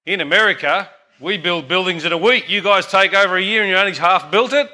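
A man's voice: high-pitched, a little fast, sharp tone, voice pushed up. A man voicing a boastful American man in a joke, brash and scornful.

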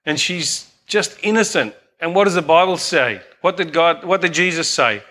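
A man's voice: on the high side, moderate pace, bright, forceful tone. An older man preaching a sermon earnestly, often asking the congregation "amen?".

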